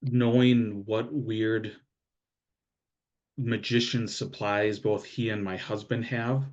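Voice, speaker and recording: A man's voice: fairly low pitch, level tone, takes it slowly, a little mellow. A man playing a tabletop game, talking casually with lots of fillers. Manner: casual, filler-heavy talk. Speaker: player. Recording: dull lo-fi sound.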